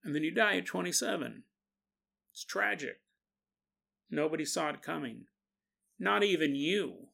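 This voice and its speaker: A man hosting a solo podcast, telling a story in an animated way and laughing as he acts out quotes. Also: a little high, measured pace, vocal fry, pauses often, husky. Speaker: podcast host. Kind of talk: casual solo podcast monologue.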